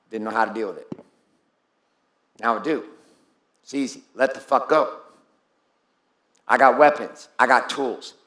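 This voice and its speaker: With a medium-pitched, slightly bright voice and reverberant sound, a man gives an intense, foul-mouthed, no-nonsense motivational speech live to his group. He singles out people by name as he goes.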